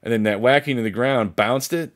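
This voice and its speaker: A man's voice: medium pitch, a little fast. A man vlogger telling a story in a rambling, profane way, full of restarts. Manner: animated, acts out others' voices. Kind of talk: casual storytelling.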